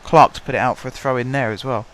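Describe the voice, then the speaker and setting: A young man, hoarse from shouting, talks through his football management game in a chatty, wry play-by-play. His pitch sits in an ordinary middle range. A faint noise hums under the desk-mic recording. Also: fairly even intonation, quick pace. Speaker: gaming channel host. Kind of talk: casual let's-play commentary.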